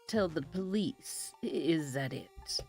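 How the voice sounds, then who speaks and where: A woman's voice: low-pitched, expressive, slow pace, darkish tone, faint music behind, pitched below the performer's own voice. A woman voicing a frightened male government minister who stammers and grows flustered while reading game dialogue aloud. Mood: anxious. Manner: flustered and stammering, rising into panic.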